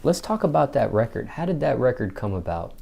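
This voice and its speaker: A man's voice: medium pitch, sing-song, a little fast, gravelly, dark tone, husky. A man hosting the interview, asking short, direct questions with his voice a bit distant from the mic. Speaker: interview host.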